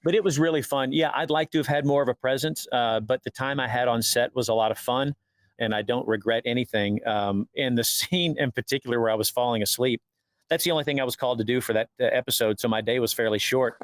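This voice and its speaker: In a casual interview, a male actor guest with a mid-range voice rattles off stories quickly, acting out each bit of dialogue. The delivery is animated, and the recording carries no room sound.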